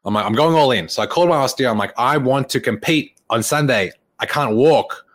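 A man's voice: mid-range voice, fast. A young man, a fitness coach, casually retelling a story and acting out the lines of the people in it, with frequent laughs. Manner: animated retelling, acts out quoted dialogue, laughs often.

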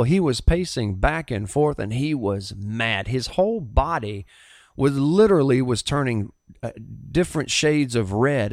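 A middle-aged man, a pastor with a Southern US accent, recounts a personal testimony with earnest, halting restarts. His pitch is ordinary and mid-range, recorded dry and close.

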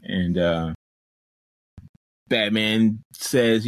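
A man's voice: lowish voice, expressive, moderate pace, dry recording, rough recording. A man co-hosting a podcast, retelling a film's plot in casual chat with restarts and playful asides. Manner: rambling plot recap with restarts and playful quoted voices. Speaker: podcast co-host. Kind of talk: casual chat recapping a film.

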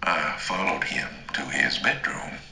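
A man narrating a first-person story in a slow, dramatic, deliberate way. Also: low-pitched, very animated, vocal fry, pushed and bright, reverberant, low-quality recording. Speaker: audiobook narrator.

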